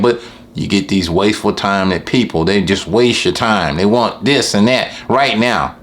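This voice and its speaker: Low-voiced man ranting about customers. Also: moderate pace. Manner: animated, complaining, acts out customers in high voices. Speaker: lawn care business owner. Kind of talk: casual vlog rant.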